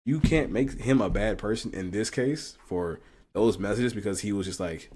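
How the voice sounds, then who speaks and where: A low-pitched man riffs through a casual reaction commentary, blunt and profane. He swears freely and breaks into laughter often as he makes his point. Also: moderate pace, darkish tone. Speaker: commentary channel host.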